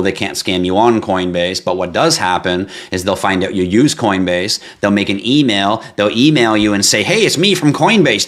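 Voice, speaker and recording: A man's voice: deep voice, a bit bright. A man hosting a crypto livestream, talking bluntly in a casual rant, swearing freely and squealing when he mocks panicky scam victims. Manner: blunt, profane, ranting.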